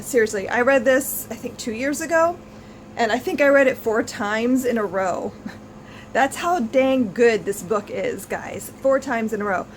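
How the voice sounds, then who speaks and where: A woman book vlogger in her thirties talks casually to camera, effusive and full of restarts. Her voice sits a little high, and a faint hiss runs under the home recording. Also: low-quality recording. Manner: gushing, effusive, lots of restarts.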